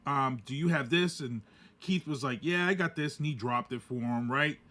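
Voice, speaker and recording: A man's voice: mid-range voice, moderate pace, sharp tone. A man co-hosting a podcast, chatting casually and animatedly acting out quotes while telling a story. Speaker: podcast co-host. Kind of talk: casual chat.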